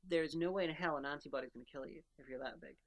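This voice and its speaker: A woman's voice: low-pitched, very fast. A woman co-hosting a casual podcast who argues her points in a rambling, nitpicking way. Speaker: podcast co-host. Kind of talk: casual chat.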